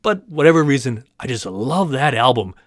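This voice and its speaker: Hosting his movie podcast, a man talks casually to listeners and thanks them, rambling somewhat and fumbling place names. His medium-pitched voice is animated and at normal speed, with a dry, studio-quality recording.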